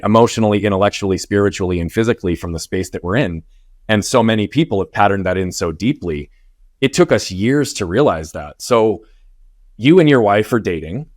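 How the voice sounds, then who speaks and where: A man's voice: lowish voice, no echo, clean studio sound. A man hosting a podcast interview, talking in an earnest, reflective way and often checking in with "right?". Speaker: podcast host.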